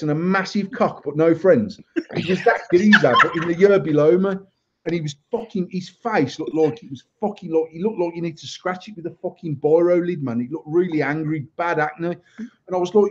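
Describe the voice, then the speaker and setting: There's slight background noise behind this high-pitched English man in his thirties or forties. Hosting a podcast, he tells a crude story in casual chat with constant swearing, and the lo-fi recording sounds dull.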